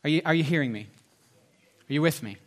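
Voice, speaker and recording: Pastor guy preaching, fairly high voice, gets loud then drops way soft, very animated. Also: fast. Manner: animated preacher, swings from loud emphasis to soft confessional tones. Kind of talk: sermon.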